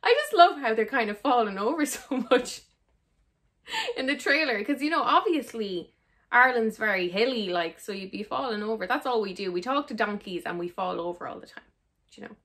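A woman's voice: a little high, brisk. A young woman with an Irish accent, chatting sarcastically and animatedly as she reacts to a film trailer. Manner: sarcastic and animated, mock-exasperated. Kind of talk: casual reaction chat.

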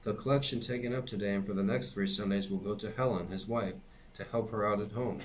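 A man's voice: on the low side, fairly even intonation, fast talker, slight background noise, lightly acted. A man voicing a stern, stocky preacher who declaims from the pulpit. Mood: preaching. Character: stern stocky male preacher, middle-aged.

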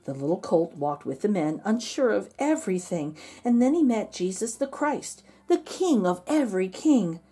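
A woman, a kindergarten teacher, reading a story aloud in an expressive, sing-song storytime manner. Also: mid-range voice, normal speed, hardly any pauses, breathy edge.

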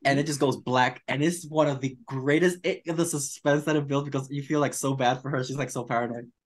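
A man co-hosting a podcast in casual chat, animated and campy, calling people darling. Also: mid-range voice, fairly quick. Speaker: podcast co-host.

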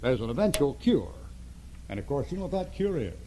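An older man preaching a sermon to a congregation, repeating phrases and swinging between loud emphasis and hushed tones. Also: mid-range voice, very animated, a little fast, a little hiss or hum, poor audio. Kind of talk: fiery sermon. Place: church before a congregation.

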